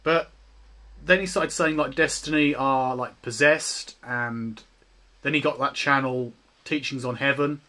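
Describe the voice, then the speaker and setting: A man's voice: mid-range voice, fairly even intonation, measured pace, sharp tone. A man chatting casually on a voice call, hesitant and full of fillers. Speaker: participant in a voice call. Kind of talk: casual chat.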